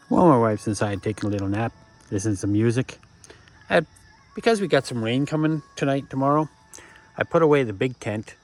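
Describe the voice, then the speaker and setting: A man vlogging casually from a campground, rambling with lots of pauses and restarts. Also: lowish voice. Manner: rambling, frequent uhs and restarts. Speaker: camping vlogger. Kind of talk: casual vlog talk. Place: campground, outdoors.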